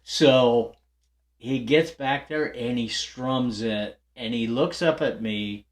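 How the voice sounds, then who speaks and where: A man's voice: mid-range voice, slow. Older man telling a rambling story. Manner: rambling, chatty, lots of fillers and restarts; laughs lightly while telling a story. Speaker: guitar channel host. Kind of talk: casual storytelling to viewers.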